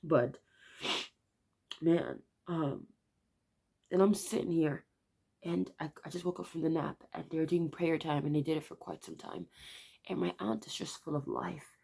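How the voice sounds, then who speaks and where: Low, gravelly tearful young woman. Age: 20s. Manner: tearful, halting, soft-spoken confession. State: on the verge of tears. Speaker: vlogger. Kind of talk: emotional confessional vlog.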